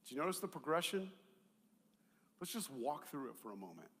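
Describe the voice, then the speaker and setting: Animated pastor preaching in a reverberant hall. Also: male voice, on the high side, a little fast, breathy edge. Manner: animated, swings from loud emphatic peaks to quiet asides; conversational with jokes and rhetorical questions. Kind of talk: sermon. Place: church auditorium.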